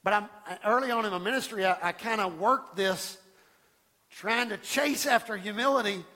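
A man pastor preaching a sermon in church, animated, stumbling over restarts and acting out the voices of people he quotes. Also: high voice, normal speed, big-room sound. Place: church sanctuary.

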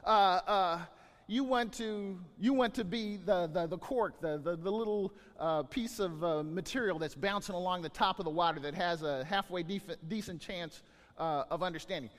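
Guy preaching, high voice, stammers and repeats a lot, echoey church hall. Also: moderate pace. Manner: animated, repeats words, acts out scenes. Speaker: pastor. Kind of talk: sermon.

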